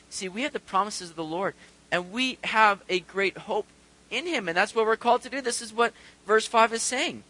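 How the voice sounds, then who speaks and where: A male pastor delivers a sermon in a high, bright voice. He reads scripture aloud and moves from quiet earnest stretches to loud, urgent bursts. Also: normal speed, rough recording.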